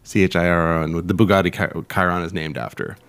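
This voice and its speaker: A man's voice: low-pitched, steady tone, fast, creaky, a bit bright, smooth, dry recording. A man co-hosting a podcast in casual chat, laughing often and restarting his sentences. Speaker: podcast co-host.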